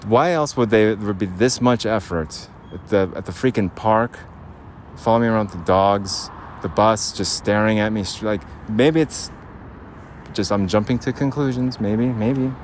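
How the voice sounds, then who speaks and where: A man whose voice is on the low side talks at a normal speed. He's a podcast host rambling through an audio diary while strolling a city park, laughing often, against faint street noise outdoors.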